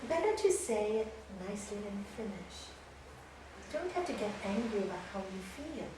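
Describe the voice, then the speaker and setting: A woman yoga teacher giving a spiritual talk to students, telling stories with lively energy and frequent laughter, recorded in an indoor venue. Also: mid-range voice, normal speed. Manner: animated storytelling with frequent laughter. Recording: echoey room, distant mic, faint noise.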